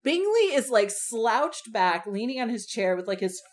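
A woman's voice: on the high side, big pitch swings, moderate pace. A young woman chatting casually about film adaptations, talkative, full of fillers and casual swearing.

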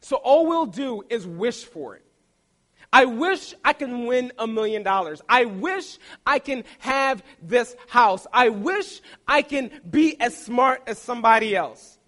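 A man's voice: very high-pitched, animated, measured pace, fairly bright tone. A young man preaching a sermon, telling stories and acting out the voices of the people in them. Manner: storytelling, playful quoted voices.

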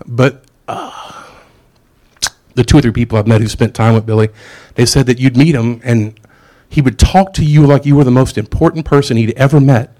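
A man's voice: mid-range voice, moderate pace, mellow. A middle-aged man preaching a sermon in a casual, conversational way, with asides and jokes.

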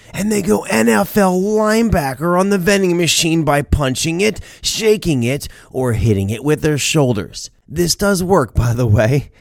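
A man's voice: mid-range voice, darkish tone, no echo, clean studio sound. A man hosting a podcast, telling stories in a playful, chatty way with jokey asides. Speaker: podcast host. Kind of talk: storytelling podcast monologue.

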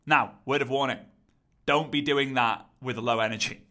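Bright, punchy male coach. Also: medium pitch, fairly even intonation, normal speed. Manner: punchy, repetitive, rallying. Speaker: content creation coach. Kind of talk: energetic teaching monologue.

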